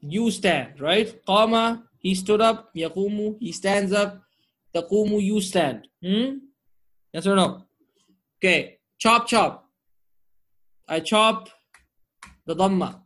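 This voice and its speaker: A man's voice: sits high, takes it slowly, long pauses, fairly bright tone. A man teaching Arabic grammar online, drilling word forms and checking in with his students often.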